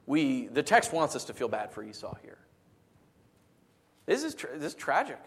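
A pastor preaches a sermon in an animated, conversational style, frequently restarting sentences and repeating words. His voice is medium-pitched and slightly rough, at a normal speed.

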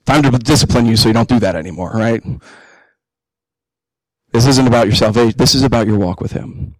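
A man in his thirties preaching a sermon to his congregation, animated, with jokey asides and emphatic peaks. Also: mid-range voice, brisk, long pauses, dry recording, low-quality recording. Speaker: pastor. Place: church hall.

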